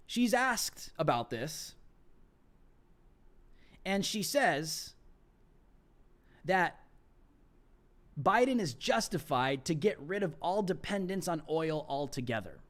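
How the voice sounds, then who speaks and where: A man hosting a live political commentary stream, ranting with mocking sarcasm and laughing at his own jokes. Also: a little high.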